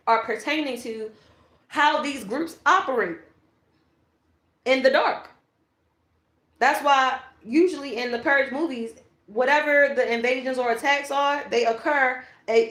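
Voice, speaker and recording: A woman's voice: a little high, a bit bright, echoey room. A woman giving a blunt, ranting tarot reading in a casual monologue. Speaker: tarot reader.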